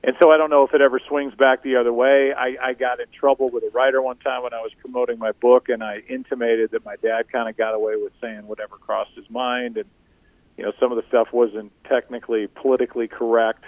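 A man's voice: mid-range voice, flat delivery, no echo. Middle-aged man on a tinny remote line. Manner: self-deprecating, halting with repeated restarts. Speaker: guest. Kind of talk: casual interview storytelling.

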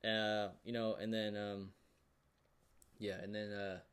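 A man vlogging a casual, rambling recap of a show, full of fillers and excited reactions. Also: fairly low pitch, slow pace, clean tone. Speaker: YouTuber.

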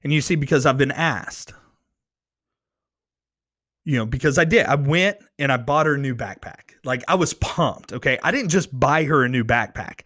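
A man shares a personal faith story, earnest and easily excited, tripping over his words and restarting lines as he gets worked up. His voice sits at an ordinary middle pitch. It is recorded close on a microphone with a dry sound. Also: moderate pace, no echo. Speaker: podcast host. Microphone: close studio microphone.

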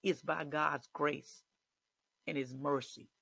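Male preacher, slightly high voice, dry recording, swells to shouts. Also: steady tone, takes it slowly, vocal fry, breathy edge, dry recording. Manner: rising to shouted declarations. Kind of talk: sermon.

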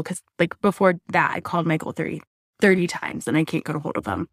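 A woman in her thirties from Southwest Florida, telling a painful personal story in a candid, emotional way, with halting restarts and blunt swearing. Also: fairly low pitch, dry recording, studio quality. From Southwest Florida, USA. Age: 30s. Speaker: interview guest. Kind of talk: personal storytelling in a podcast interview.

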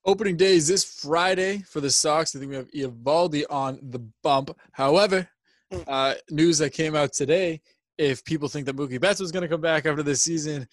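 A man's voice: a little high, normal speed, dry recording. A man co-hosting a sports podcast in casual chat, rambling with lots of filler words. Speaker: podcast co-host.

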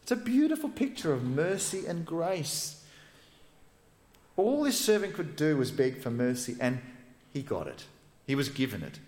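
A man preaching a sermon as a pastor, retelling a story with lively, animated delivery. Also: a little high, normal speed, pauses often. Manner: animated storytelling, acts out quoted characters. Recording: echoey hall.

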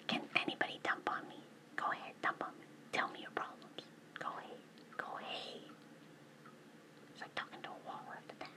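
A woman rambles in a whisper, hopping between thoughts and tossing out rhetorical questions. Her hushed voice still swings widely up and down, with a bright, sharp edge. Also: fairly low pitch, animated, brisk, gravelly, long pauses. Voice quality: mostly whispered.

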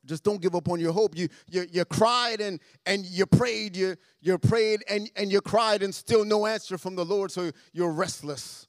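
High-voiced man preaching with passion. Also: moderate pace, few pauses, dry recording, clean studio sound. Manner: impassioned preaching, repeats phrases, swings between soft and loud. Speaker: pastor. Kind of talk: sermon. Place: church sanctuary.

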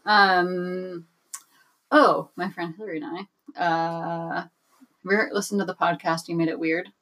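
Woman, young adult, podcast co-host, casual chat, playful, quick to laugh, lowish voice. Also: steady tone, fairly bright tone.

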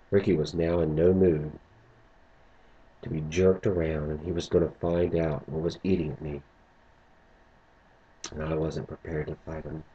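A man narrating a first-person story in a low, subdued way, on a muffled lo-fi recording. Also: level tone, measured pace, long pauses, mellow, slightly rough.

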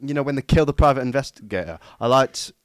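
A man's voice: medium pitch, animated, quick pace, no room sound. A man chats loosely about films, circling back and restarting his thoughts. His voice sits mid-range and sounds dry and close to the mic. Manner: rambling, restarts, laughs often. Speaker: podcast co-host. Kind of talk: casual film chat.

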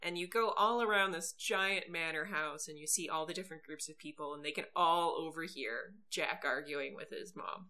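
A woman co-hosting a podcast, recapping a TV episode in animated casual storytelling, often laughing. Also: low-pitched, moderate pace, hardly any pauses. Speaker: podcast co-host.

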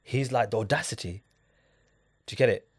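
A man's voice: mid-range voice, brisk, slightly rough. A man in a casual discussion, speaking emphatically and often asking his listener if he gets it. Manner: emphatic, keeps asking "do you get it?".

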